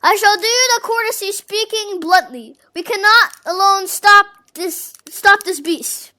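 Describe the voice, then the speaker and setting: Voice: extremely high pitch, unhurried, bright, forceful tone, exaggerated voice. A fan voice actor playing a jovial old fish-folk king who speaks in grand, courtly phrases. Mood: grave. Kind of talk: voicing game dialogue.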